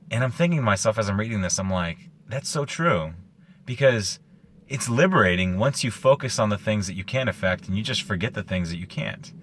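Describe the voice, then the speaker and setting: A man's voice: fairly low pitch, fairly bright tone, slight background noise. A man hosting his own show, retelling a story casually and with animation, using lots of "like" fillers. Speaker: host.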